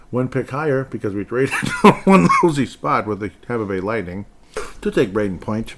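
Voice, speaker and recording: A man hosts a solo hockey podcast in a fairly low voice. He rambles along in a dry, sarcastic tone, undercutting himself with self-mocking asides. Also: expressive, a little fast, a bit bright, slight background noise. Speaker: podcast host.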